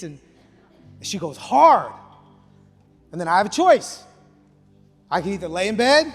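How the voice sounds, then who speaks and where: High-voiced passionate pastor in a big hall. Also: male voice, very animated, normal speed, long pauses. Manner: passionate, swings between loud emphatic peaks and quiet intimate passages. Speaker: campus pastor. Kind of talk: energetic sermon. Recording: reverberant hall with faint music.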